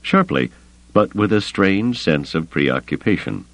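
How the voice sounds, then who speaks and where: A man narrating a science fiction novel in an expressive, dramatic reading style. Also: low-pitched, measured pace, dry recording, poor audio. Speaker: audiobook narrator. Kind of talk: scripted narration.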